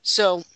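A woman's voice: fairly bright tone, dry recording. A woman hosting a casual podcast chat, reading quotes aloud with joking asides. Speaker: podcast host.

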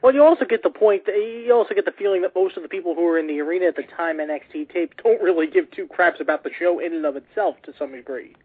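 A man's voice: high voice, fast talker, few pauses, husky, no room sound. A man co-hosting a casual chat show, rambling, joking and correcting himself as he talks. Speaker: podcast co-host. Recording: tinny phone-like line.

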